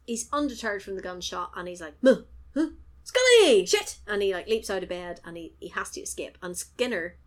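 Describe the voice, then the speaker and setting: A woman's voice: fairly low pitch, fairly quick, hardly any pauses, fairly bright tone. A woman co-hosting a podcast, casually recapping a TV episode, laughing often and acting out the characters' lines. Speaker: podcast co-host.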